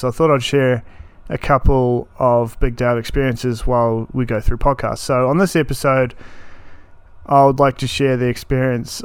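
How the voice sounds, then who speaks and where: This solo podcast host, a man in his thirties from New Zealand, speaks in a blunt, sweary, ranting way. His voice is smooth and medium-pitched, captured in a dry recording.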